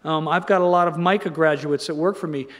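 A man's voice: on the high side, steady tone, a little fast, fairly bright tone. Rambling, joking man lecturing in a hall. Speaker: guest lecturer. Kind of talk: informal lecture. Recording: long reverb in a lecture hall.

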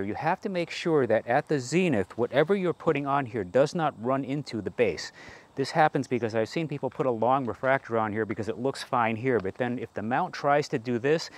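A man giving a hands-on telescope review, practical and matter-of-fact, with dry joking asides. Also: medium pitch. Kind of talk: product review walkthrough.

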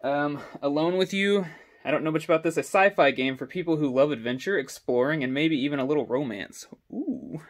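A man's voice: fairly high pitch, fast talker. A young man talks through his game collection at home, filmed on a selfie stick held at arm's length. He rambles in a loose, casual way, dropping plenty of ums and uhs as he goes. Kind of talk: casual walkthrough vlog. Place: indoor home with stairs. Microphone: selfie stick camera.

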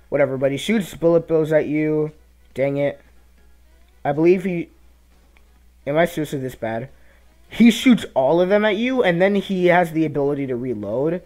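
A young man giving casual gameplay commentary, reacting loudly to the game and muttering asides. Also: on the high side. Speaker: let's play commentator.

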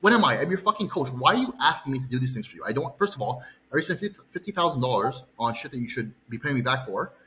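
A man's voice: mid-range voice, lively intonation, quick pace, sharp tone, slight background noise, rough recording. Heated, foul-mouthed male coach ranting. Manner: heated, profane, rambling. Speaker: bodybuilding coach. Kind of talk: angry personal story vlog.

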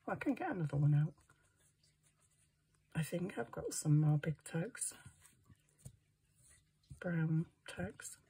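A woman's voice: deep voice, expressive, takes it slowly, pauses often, dark tone, breathy edge. A woman making a junk journal, chatting to herself as she works. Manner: chatty, talks to herself while working. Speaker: crafting vlogger. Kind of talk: casual crafting chat.

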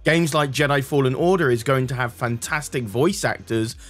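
A man's voice: mid-range voice, moderate pace, soft background music. A man hosting a gaming video channel, giving scripted commentary in an enthusiastic, upbeat way.

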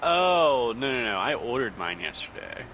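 Groggy, husky man gaming in voice chat. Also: mid-range voice, very animated, moderate pace, muffled recording. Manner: loose, profane, rambling, with filler words. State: groggy and husky, just woke up. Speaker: gamer in voice chat. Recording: loud background noise.

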